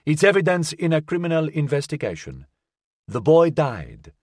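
A man's voice: a little high, wildly swooping pitch, moderate pace, darkish tone, no echo, studio quality, pitched above the performer's own voice. A man playing a smug, needling male official. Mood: cold. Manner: smooth, condescending and needling. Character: smug, slick male official, coolly menacing.

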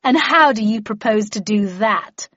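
A cold, mocking female villain, as a woman reader puts her on sneers through her lines. The voice is slightly husky and louder than the narration. The recording is dry and a little dull. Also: medium pitch, moderate pace, no room sound, natural voice. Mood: sneering. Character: smug female villain who erases memories.

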